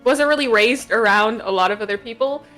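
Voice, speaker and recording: Bright-voiced woman tabletop player. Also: on the high side, a little fast, soft background music. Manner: casual, chatty. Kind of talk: casual tabletop game chat.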